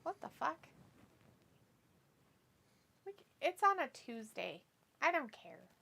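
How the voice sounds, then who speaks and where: Female streamer, slightly high pitch; reads viewer comments aloud, quick to giggle. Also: big pitch swings, creaky, bright, forceful tone. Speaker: watch-along co-host. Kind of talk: casual livestream chat.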